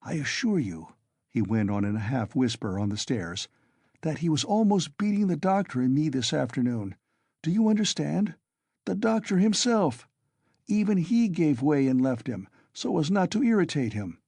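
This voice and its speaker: A tipsy, loyal young man who blusters and presses his point, voiced by a man in an audiobook. He speaks louder and higher than the narrator's own voice. The recording is dry and close. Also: lively intonation, normal speed, breathy edge, no echo. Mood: urgent. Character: tipsy, loud, loyal young male friend.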